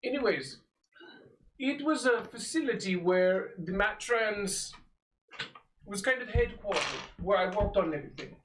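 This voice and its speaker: A man's voice: high-pitched, lively intonation, unhurried, fairly bright tone, reverberant, far from the mic, slight background noise, low-quality recording. A man running a tabletop role-play, speaking formally in character with many stalling fillers. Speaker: game master voicing a character.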